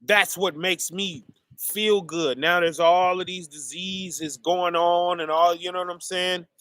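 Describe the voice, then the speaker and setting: Male preacher, high bright voice, slow call-and-response delivery, dry close recording. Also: no echo. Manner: preachy call-and-response, keeps asking "right?" and "y'all". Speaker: street preacher. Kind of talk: sermon.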